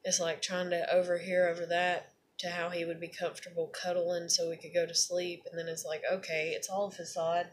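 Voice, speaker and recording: A woman's voice: lowish voice, flat delivery, a little fast, hardly any pauses, a little hiss or hum. A woman in a candid personal monologue, talking in a rambling, confessional, blunt way and swearing often.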